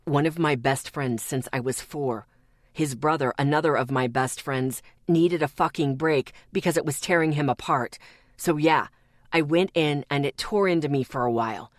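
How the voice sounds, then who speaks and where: A woman's voice: low voice, moderate pace, no room sound, studio quality, voice pushed down, lightly acted. A woman doing Zeke, a growling hardened young man. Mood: bitter growl. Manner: growling, clipped.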